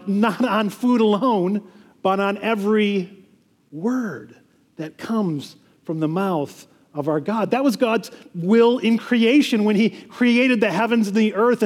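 A man's voice: sits high, a little mellow, long reverb tail. A man preaching a sermon as pastor, earnest, often repeating words and restarting phrases.

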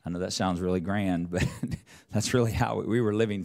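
With a creaky, darkish voice, a middle-aged man speaks at normal speed in a steady tone while preaching a sermon. He tells a personal story, rambling and restarting, growing higher and louder as it builds.

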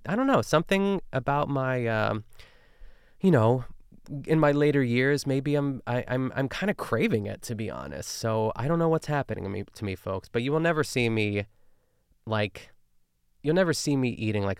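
A man's voice: medium pitch, lively intonation, moderate pace, creaky, smooth, no room sound, clean studio sound. A man hosting a podcast in casual chat, rambling and chatty with lots of fillers and tangents. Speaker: podcast host recapping a cooking show.

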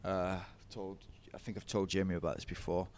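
A man's voice: low voice, level tone, brisk, a little mellow, slight background noise. A young man, telling running stories in a casual interview, chatty and laughing often. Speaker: podcast guest, ultra runner.

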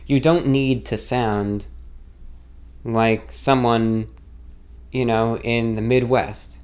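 Young man, mid-Atlantic-style accent with New York and non-rhotic traces, rambling casual YouTube talk, mid-pitched, slightly dull audio. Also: steady tone, takes it slowly, long pauses, a little mellow. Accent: mid-Atlantic blend with non-rhotic and New York traits. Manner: rambling, many fillers and self-corrections. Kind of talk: casual spoken monologue.

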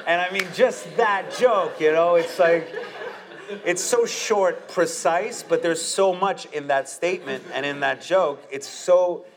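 A man, a stand-up comedian, talking casually in an interview, animated and often breaking into laughter with quick asides. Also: a little high, a loud crowd.

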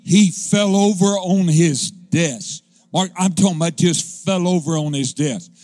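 A pastor telling a folksy, humorous testimony that rises into fervent preaching. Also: male voice, on the high side, a little mellow, no echo. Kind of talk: storytelling sermon.

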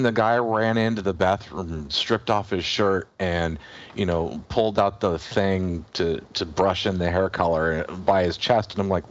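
A man's voice: sits low, fairly even intonation, a little slow, highs cut off. A man co-hosting a casual podcast chat, wry and joking, laughing often. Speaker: podcast co-host.

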